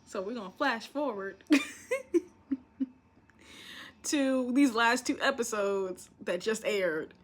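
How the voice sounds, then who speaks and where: A woman's voice: a little high, measured pace, slight background noise. A young woman casually recapping a reality show, telling the story with lots of laughter and acted-out quotes. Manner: animated storytelling, acting out quotes, frequent laughter. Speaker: commentary vlogger.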